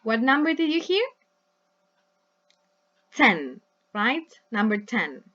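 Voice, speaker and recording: Slow, patient woman teacher. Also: on the high side, sing-song, a bit bright, highs cut off. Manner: patient, checks in with "right?" and "yes?"; models words slowly for repetition. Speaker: English teacher. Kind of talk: recorded online lesson.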